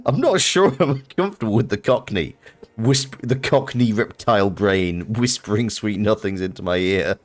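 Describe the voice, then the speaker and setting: A man's voice: lowish voice, a little slow. A British man streaming a video game live, reacting with amused laughter. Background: faint game music.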